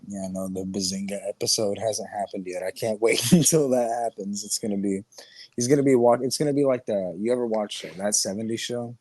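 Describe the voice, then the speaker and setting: A man's voice: fairly low pitch, steady tone, brisk, darkish tone, dry recording, poor audio. A man co-hosting a podcast in casual chat, telling rambling, profane stories. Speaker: podcast co-host.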